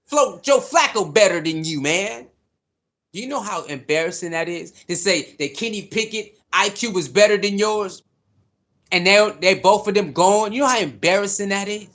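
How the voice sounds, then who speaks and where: A man's voice: high-pitched, moderate pace. A man giving a heated, repetitive casual rant about a football team's quarterback choices. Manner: animated, repetitive, preachy. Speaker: sports commentator.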